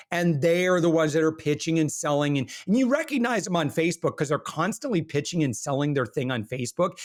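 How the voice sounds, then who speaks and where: A man guest on a business podcast, talking in an earnest, animated way and telling stories with frequent restarts. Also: on the high side. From Michigan, USA. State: briefly emotional while recalling hard times. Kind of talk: casual interview talk.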